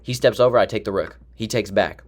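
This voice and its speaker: A young man with a fairly low voice walks through his chess game move by move. His commentary is excited and chatty, and he talks to himself as he plays. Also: brisk. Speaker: chess streamer.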